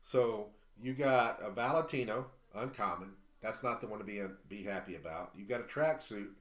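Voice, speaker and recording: A man hosting a live auction stream, rambling through prizes with lots of ums and uhs. He sounds a little out of breath, and his voice carries a clear echo from the room around him. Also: fairly low pitch, moderate pace, a bit bright. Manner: rambling, lots of fillers while listing items. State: slightly out of breath. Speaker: host of an online auction stream. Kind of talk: casual live-stream chat.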